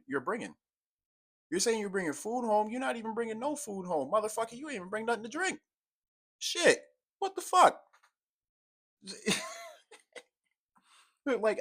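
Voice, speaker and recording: A young man giving a profane, exasperated commentary rant, swinging from low mutters to loud outbursts. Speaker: commentary YouTuber. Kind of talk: ranting commentary.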